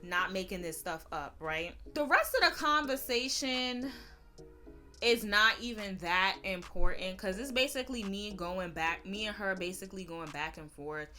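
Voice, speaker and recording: A woman, telling a sassy, animated storytime vlog. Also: mid-range voice. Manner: sassy, animated, quick-witted. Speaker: YouTuber. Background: background music.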